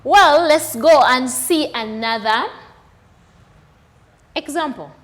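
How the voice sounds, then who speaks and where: Woman, primary maths teacher, slow deliberate delivery, lively rising and falling voice, quizzes the viewer. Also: high voice. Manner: slow and deliberate, asks the viewer questions and counts aloud. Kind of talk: recorded classroom lesson for children.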